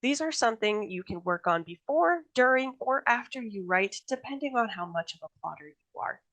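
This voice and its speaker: A woman's voice: on the high side, expressive, moderate pace, a bit bright, rough recording. A woman author giving a recorded workshop presentation on writing, in a chatty, friendly teaching tone that laughs easily.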